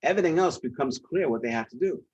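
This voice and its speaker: A man's voice: a little high, lively intonation, fast, darkish tone, husky, dry recording. A man with a New York accent, a guest in an interview, telling stories emphatically and directly. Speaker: guest, leadership author and speaker. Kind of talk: conversational interview. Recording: dull lo-fi sound.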